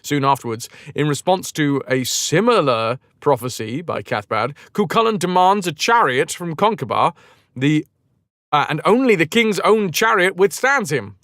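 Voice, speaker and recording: A man with a fairly high, bouncy voice retells an old legend on stream, throwing in swearing and jokey asides as he goes. His speech rises and falls a lot. The sound is dry and close, with no room around it. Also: normal speed, no echo. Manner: animated, profane, jokey asides. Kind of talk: casual retelling of a myth.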